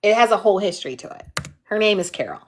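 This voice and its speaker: Young woman host, casual live chat, lively anecdote with put-on quotes, mid pitch. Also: fast, slight background noise. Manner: animated storytelling with quoted voices. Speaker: workshop host.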